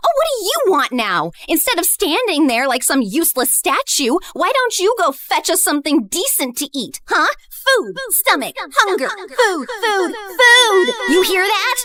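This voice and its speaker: A woman voicing a bitter, cruel young woman who sneers and hurls venomous insults in an animated story. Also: extremely high pitch, unhurried, few pauses, exaggerated voice. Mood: scornful.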